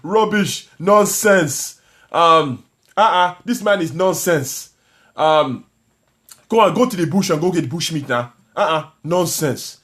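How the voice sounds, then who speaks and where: A man's voice: a little high, lively intonation, takes it slowly, fairly bright tone. Man putting on a scornful Nigerian-accented scold. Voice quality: mocking, exaggerated scolding.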